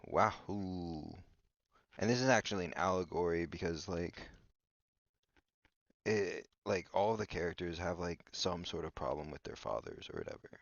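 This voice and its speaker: Very low-voiced rambling podcast man. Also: creaky, no echo. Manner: hesitant, filler-heavy, restarts often. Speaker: podcast host. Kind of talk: rambling comedic monologue. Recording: dull lo-fi dry recording.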